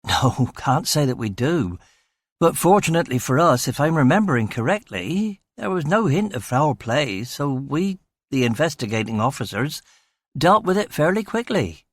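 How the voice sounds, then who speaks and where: A man's voice: fairly high pitch, big pitch swings, normal speed, no room sound. A man voicing a young, eager and talkative male police constable in a crime audiobook, breezy and upbeat. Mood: chatty.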